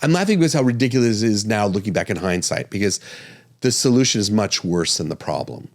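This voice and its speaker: A man's voice: lowish voice, lively intonation, fast. A man hosting a podcast, talking casually and animatedly, chuckling and correcting himself as he goes. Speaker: podcast host and physician.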